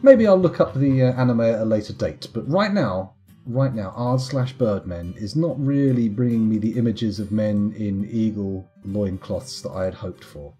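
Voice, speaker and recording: A man chats his way through a live game stream in a mellow, relaxed voice, wandering off into wry jokes at his own expense. Soft guitar music plays quietly underneath. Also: fairly low pitch, moderate pace, muffled recording. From United Kingdom. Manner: rambling, wry, self-mocking asides. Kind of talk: casual live gameplay commentary.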